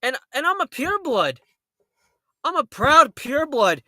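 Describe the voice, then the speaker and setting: Male talk radio host, very high and bright voice, heated storyteller who acts out quotes. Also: big pitch swings, measured pace, no room sound, studio quality. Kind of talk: late-night talk radio monologue.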